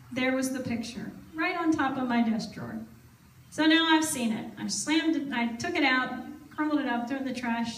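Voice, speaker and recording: A woman telling a personal faith story at a church service, acting out the dialogue as she goes. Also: on the high side. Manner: storytelling, acts out her own past dialogue. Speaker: gospel singer and speaker. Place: fairground event, outdoors. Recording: echoey from far off.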